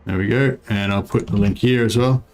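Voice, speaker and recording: A man's voice: on the low side, steady tone, a little fast, darkish tone. Rambling male game streamer, faint music behind. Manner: rambling, filler-heavy, reads chat aloud. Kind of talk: casual livestream chat.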